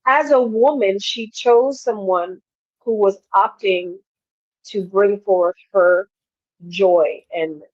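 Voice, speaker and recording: A woman's voice: medium pitch, slow, no room sound, dull audio. A woman from New York chatting casually and emphatically as a co-host, laughing often. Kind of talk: casual chat.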